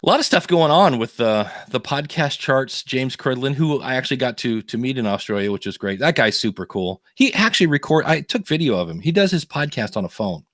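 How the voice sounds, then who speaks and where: A man's voice: medium pitch, lively intonation, fairly quick, few pauses, fairly bright tone, no room sound, clean studio sound. A man co-hosting a podcast, telling stories in casual chat, laughing often. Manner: chatty storyteller, laughs often, many fillers. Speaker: podcast co-host.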